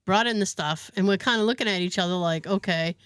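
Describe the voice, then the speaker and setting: Female podcast host, animated storyteller, dry studio mic. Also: medium pitch, fast talker, smooth, no echo. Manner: animated storyteller, laughs often. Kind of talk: casual chat.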